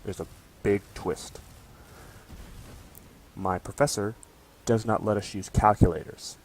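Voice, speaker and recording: With a lowish, husky voice and fairly even intonation, a young man in college rants to camera without hurrying. This student vlogger swears a lot and keeps ending lines with "okay?" in a casual tone.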